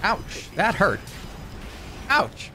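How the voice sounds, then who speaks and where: A man streaming a video game live, narrating his play in an animated, self-mocking way with quick exclamations. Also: high voice, music in the background. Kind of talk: live gameplay commentary.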